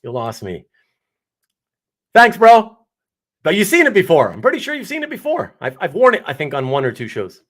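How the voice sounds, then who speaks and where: Man, middle-aged, fairly high voice, casual live-stream host, friendly chatter. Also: huge pitch swings, moderate pace, long pauses, fairly bright tone. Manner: chatty, reads chat names aloud, laughs often. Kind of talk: casual live-stream chat, greeting viewers.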